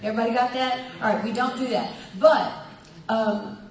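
A woman pastor delivers a sermon, acting out the voices in her story and laughing as she goes. Her voice sits a little high, and it reaches the mic from across a very echoey hall. A faint ambient hum carries underneath. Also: normal speed, distant mic. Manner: animated storytelling preacher, acts out voices, laughs often. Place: church hall with a congregation.

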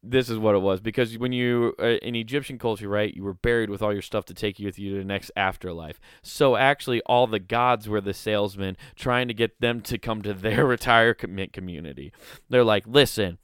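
A man's voice: on the low side, a little fast, few pauses, fairly bright tone, smooth, no room sound, clean studio sound. A young man vlogging in a casual, rambling, jokey way, riffing into comic bits. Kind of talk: casual comedic commentary.

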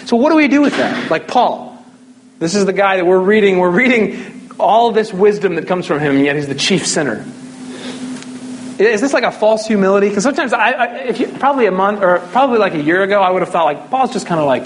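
High-voiced man preaching casually. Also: lively intonation, brisk, a little hiss or hum. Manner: casual, conversational preaching with jokes. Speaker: pastor. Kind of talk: sermon.

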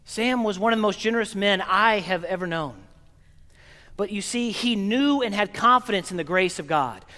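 Man, priest, high voice, earnest funeral sermon, long church reverb. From Oklahoma. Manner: earnest, gently paced preaching with pauses. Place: large church.

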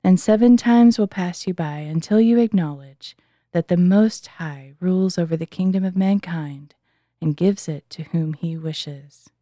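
A woman reading the words of a stern divine voice from heaven that pronounces judgment, in an earnest, measured way. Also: fairly low pitch, mellow, no room sound, studio quality, natural voice.

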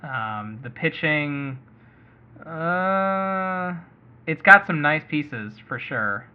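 Chatty and hedging often, a fantasy baseball podcast host thinks out loud on his casual sports show. He has a fairly high, animated voice and draws out his words, all on muffled lo-fi audio.

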